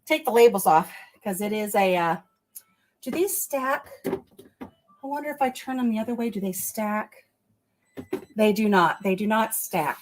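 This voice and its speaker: A woman's voice: fairly high pitch, a little hiss or hum. A woman chatting casually with her livestream viewers as she cleans out her kitchen fridge, a little out of breath. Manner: chatty, talks to viewers while working. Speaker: livestream host. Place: home kitchen.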